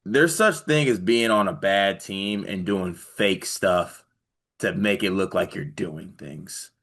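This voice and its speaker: A man with a fairly low voice, co-hosting a casual sports show. He talks in a laid-back way and often tells stories. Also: slow, creaky, fairly bright tone. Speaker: co-host, former college player.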